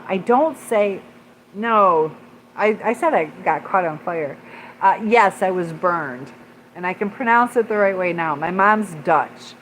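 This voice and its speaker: Woman, livestream host, low-ish voice, loose rambling chat full of ums, light background noise. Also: poor audio. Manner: rambling, many fillers, pauses to read chat. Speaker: livestream host reading viewer comments.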